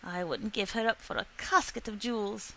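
A woman voicing a blunt, shrewd old country woman who speaks up loudly and insistently. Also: mid-range voice, normal speed, vocal fry. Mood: doting.

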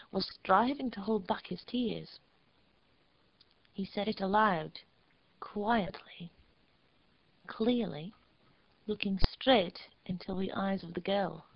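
A woman reads a story aloud at an even, unhurried pace, her voice carrying a gravelly fry. The recording is dry and a little dull, with no room sound around her. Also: mid-range voice, no echo. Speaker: narrator. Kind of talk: storybook narration.

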